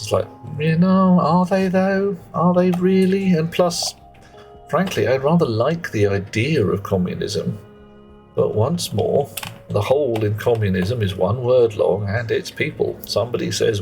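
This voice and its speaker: A man's voice: medium pitch, animated, measured pace, darkish tone, faint music behind. A British man streaming live, chatting casually with viewers in a cheeky, rambling way that slips into mock rants.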